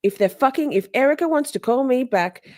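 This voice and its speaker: A woman putting on the voice of a furious young woman, swearing and exaggerating a rant in a high, loud voice. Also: animated, brisk.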